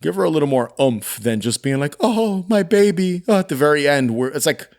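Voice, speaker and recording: A man co-hosting a casual film review podcast, talking animatedly and acting out quick quoted lines. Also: mid-range voice, creaky. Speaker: podcast co-host.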